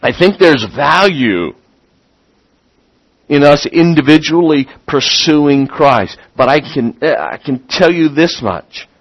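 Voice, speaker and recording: A man preaching a sermon as a pastor, getting excited and repeating words as he builds up. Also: a little high, takes it slowly, no echo, highs cut off.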